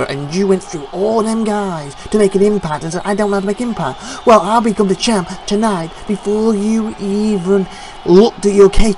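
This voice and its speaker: A man's voice: sits high, darkish tone, slight background noise. A man voicing an arrogant, boastful male wrestler in a game show promo who bellows at a booing crowd.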